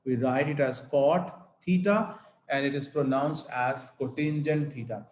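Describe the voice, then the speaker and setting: A man teaching maths, working through each step slowly and stopping to ask "okay?". His voice sits at an ordinary middle pitch. The room around him has a noticeable echo. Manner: slow, deliberate explanation with frequent "okay?" checks. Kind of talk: whiteboard maths lesson.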